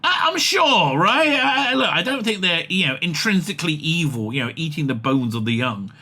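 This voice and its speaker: A man giving casual comic commentary on an interview, excitable and rambling, with many fillers and laughs. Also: a little high, moderate pace.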